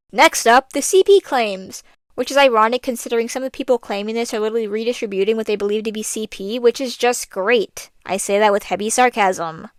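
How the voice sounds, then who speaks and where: A woman's voice: on the high side, no echo. A young woman doing a scripted commentary voice-over, blunt and exasperated, with sarcastic asides. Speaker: commentary youtuber.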